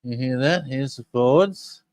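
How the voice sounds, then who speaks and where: Chatty and enthusiastic, an older man hosting a podcast speaks to his listeners as he plays audio clips. His mid-range voice has a darkish tone and moves at a measured pace.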